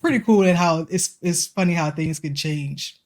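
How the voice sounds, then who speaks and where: A woman's voice: deep voice, normal speed, darkish tone. Chatty woman in her forties. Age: 40s. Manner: chatty storytelling, acts out voices in quotes. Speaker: podcast co-host. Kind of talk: casual chat.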